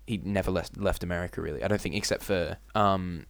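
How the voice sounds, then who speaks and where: Young guy rambling on a podcast, lowish voice, lots of restarts, dry close sound. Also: steady tone, fast, vocal fry, no room sound. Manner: rambling, many restarts, swears casually. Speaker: podcast co-host. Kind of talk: casual chat.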